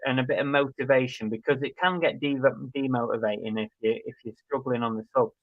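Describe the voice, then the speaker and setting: A man's voice: medium pitch, steady tone, a little fast, dry recording. A man co-hosting a live chat show, reading out viewer comments in a chatty, laid-back way with plenty of fillers. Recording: dry, slightly dull stream audio.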